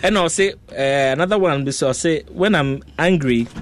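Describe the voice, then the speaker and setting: A man with a Ghanaian accent hosting a radio call-in show, chatting with callers and a guest in a measured way. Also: on the high side, a little hiss or hum. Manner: slow, deliberate reading of numbers. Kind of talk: radio call-in chat mixing English and Twi.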